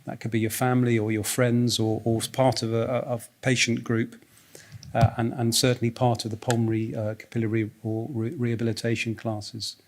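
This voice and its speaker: A man gives a talk at a medical conference, his voice mid-pitched and ordinary. He pauses often, restarting his phrases and filling gaps with hesitant sounds. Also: flat delivery, a little mellow. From United Kingdom. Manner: hesitant, many fillers and restarts, light laughs. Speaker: doctor giving a conference talk. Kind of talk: conference presentation. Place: conference hall.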